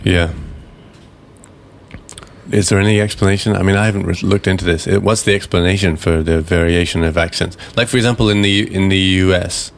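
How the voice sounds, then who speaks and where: A man's voice: deep voice, steady tone, brisk, creaky. A British man hosting a casual podcast chat, thoughtful and rambling with many fillers.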